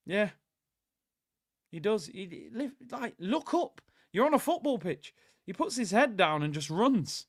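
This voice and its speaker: Excitable young man, dry close mic. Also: sits high, a little slow, no room sound. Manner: excitable, shouts at the players during attacks. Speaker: watchalong host. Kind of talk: live football watchalong commentary.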